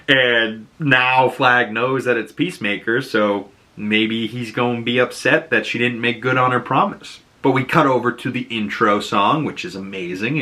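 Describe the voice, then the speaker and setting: A man's voice: mid-range voice, bright, forceful tone. A man recapping a TV episode in a chatty, casual way, filling his talk with "you know" and "like". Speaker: video reviewer.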